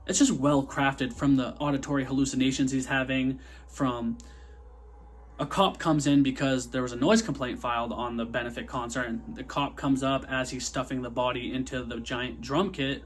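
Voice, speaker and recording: A man's voice: mid-range voice, slight background noise. A young man casually reviewing an old horror episode, rambling loosely, swearing freely and acting out quotes.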